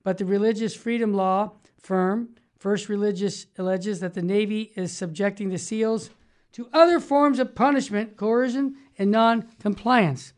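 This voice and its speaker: This is a Christian talk show host with an upbeat, emphatic delivery. The voice sits at a middling pitch, and the host keeps affirming the co-host while moving through news items. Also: a little slow. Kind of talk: casual conservative Christian talk show chat.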